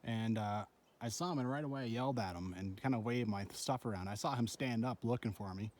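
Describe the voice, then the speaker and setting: A man's voice: medium pitch, fast, darkish tone, a little hiss or hum. A middle-aged man filming himself on a solo backpacking trip outdoors, talking into a handheld camera in a rambling, shaken way and swearing as he goes. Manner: shaken, swearing, breathless retelling of a bear encounter. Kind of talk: handheld trail vlog. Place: outdoors on a mountain trail.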